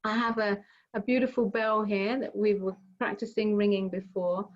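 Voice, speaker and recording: A middle-aged woman gently guiding a mindfulness session over a video call, explaining with everyday examples. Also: mid-range voice, flat delivery, moderate pace. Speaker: mindfulness teacher. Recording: slightly dull video call audio.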